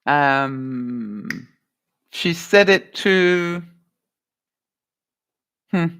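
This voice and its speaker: A woman's voice: low-pitched, expressive, very slow, a bit bright, smooth. A woman vlogger chatting casually on a live stream, laughing often as she runs a movie-quote quiz and answers viewer comments.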